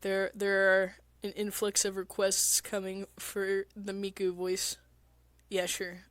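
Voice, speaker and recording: A woman's voice: medium pitch, completely flat delivery, slow, no echo. A woman with a congested, mucusy throat, chatting casually on a stream, crude and rambling. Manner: crude, swears often, rambling with fillers. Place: basement apartment.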